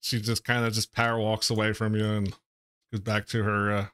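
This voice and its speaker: Halting game master, smooth low voice. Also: male voice, completely flat delivery, a bit bright, dry recording, studio quality. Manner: halting, full of uhs and restarts. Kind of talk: narrating a tabletop game over voice chat.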